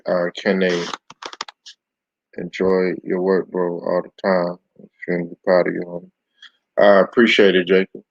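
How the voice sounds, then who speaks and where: A man's voice: deep voice, dry recording, muffled recording. A man hosting a casual live-stream sports talk show, chatty and loose, greeting his viewers by name.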